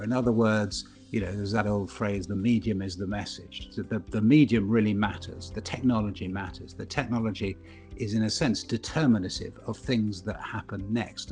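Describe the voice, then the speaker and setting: A middle-aged man, giving thoughtful reflections as an experienced broadcaster. His voice is low and gravelly, with faint music playing underneath. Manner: thoughtful, anecdotal, animated when telling stories. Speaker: broadcaster and keynote speaker. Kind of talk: reflective speaker Q&A.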